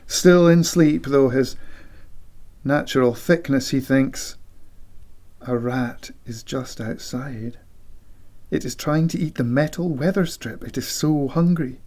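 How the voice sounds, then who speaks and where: A man reading a novel aloud with dramatic, deliberate delivery and whispered sound effects. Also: medium pitch, darkish tone. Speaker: audiobook reader. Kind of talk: expressive literary reading.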